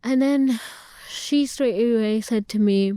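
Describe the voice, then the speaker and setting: A woman's voice: a little high, slow, dark tone, smooth, dry recording, studio quality. A young woman, a guest in an interview, earnestly recounting a personal story and retelling family conversations at length.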